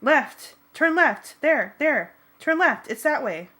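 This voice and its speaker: A woman's voice: sing-song, normal speed. A woman voicing Cassie, a frantic teenage girl giving urgent directions in a fan-read audiobook. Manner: urgent, shrill.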